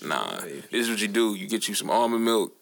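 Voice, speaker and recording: A man's voice: fairly low pitch, a little fast, creaky. A man co-hosting a podcast, telling stories in casual, slangy, profane chat. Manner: animated storytelling, slangy and profane. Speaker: podcast co-host.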